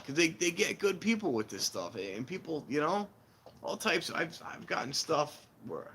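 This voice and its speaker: Bright-voiced man chatting casually. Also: fairly high pitch, normal speed, a little hiss or hum. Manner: rambling, animated, acts out quoted voices; warns viewers against scams. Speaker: railfan livestream host. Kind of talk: casual chat while filming trains.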